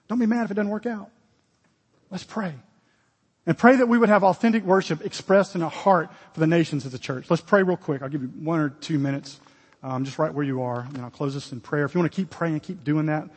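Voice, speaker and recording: A man's voice: high voice, normal speed, slightly rough, in a large hall. A man preaching a sermon as pastor, earnest and direct, with sudden emphatic exclamations.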